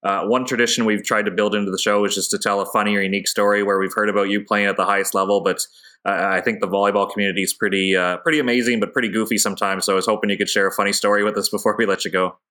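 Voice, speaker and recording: A man's voice: fairly low pitch, level tone, racing, bright, forceful tone. A man hosting a podcast interview, upbeat and friendly in casual chat. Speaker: podcast host.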